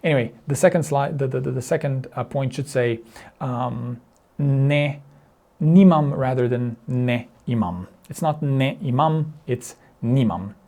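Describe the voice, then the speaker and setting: Mellow-voiced man teaching grammar. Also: medium pitch, vocal fry. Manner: patient, repeats words and restarts phrases; drills word pairs slowly. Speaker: language teacher. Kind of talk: explaining grammar over slides.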